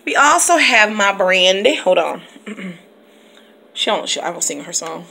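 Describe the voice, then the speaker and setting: A woman's voice: mid-range voice, very animated, a little slow, gravelly, pushed and bright. A woman teacher vlogging in a casual, playful chat, laughing often and breaking into bits of song. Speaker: teacher and video blogger. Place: at home, reading from her computer.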